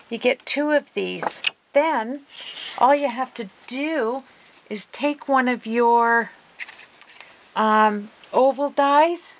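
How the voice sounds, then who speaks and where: A woman hosting a casual craft video, gushing and excitable as she talks viewers through her work. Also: a little high, slight background noise, rough recording. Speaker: craft vlogger.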